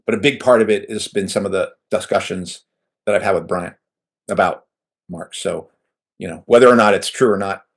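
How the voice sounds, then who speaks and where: Low-voiced man, halting and self-correcting. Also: gravelly. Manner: halting, self-correcting, restarts mid-phrase. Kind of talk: casual political discussion.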